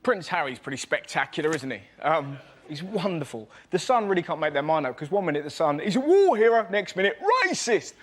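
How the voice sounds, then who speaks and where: A man performing a fast stand-up comedy routine in a TV studio, slipping into silly voices for the people in his jokes. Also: a little high. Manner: quick, animated, mimics people in silly voices. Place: TV studio with live audience. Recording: TV audio with loud background noise.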